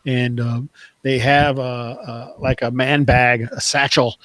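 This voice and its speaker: A man narrating a tabletop game as its game master, his voice sitting at a middle pitch. He describes the scene loosely, with lots of fillers. He chuckles often along the way. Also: little pitch movement, takes it slowly, a bit bright, no echo, rough recording.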